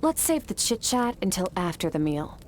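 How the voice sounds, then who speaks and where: Cool, low-voiced swordswoman mentor for a game, matter-of-fact. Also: normal speed, slight background noise. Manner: calm, clipped, matter-of-fact. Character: aloof powerful swordswoman mentor.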